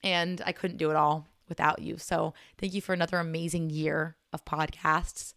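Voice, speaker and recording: A woman's voice: deep voice, level tone, normal speed, creaky, fairly bright tone, no echo, clean studio sound. A young woman hosting her own podcast, talking casually in an earnest, rambling, sentimental way. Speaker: podcast host. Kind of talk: casual solo podcast talk.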